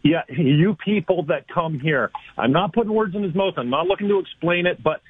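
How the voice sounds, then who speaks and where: Ranting radio co-host, tinny audio. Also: male voice, fairly high pitch, brisk, breathy edge. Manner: argumentative, ranting, teasing. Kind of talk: heated radio debate.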